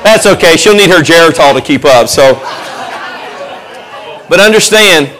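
A man preaching a sermon in church, animated, acting out quoted voices and joking with the congregation. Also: on the high side, normal speed, crowd noise, noisy background. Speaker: pastor. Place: church sanctuary.

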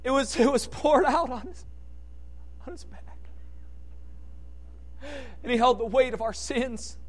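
With a very high voice and no rush, this preacher delivers his sermon passionately. Quiet, hushed stretches give way to shouted climaxes.

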